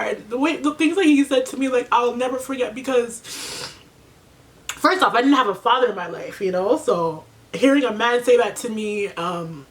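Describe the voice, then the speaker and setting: A young beauty vlogger does her makeup while chatting casually in a get-ready-with-me video, tearful and emotional after crying. She says "like" and "you know" a lot. Her fairly high voice has lively intonation and a normal speed.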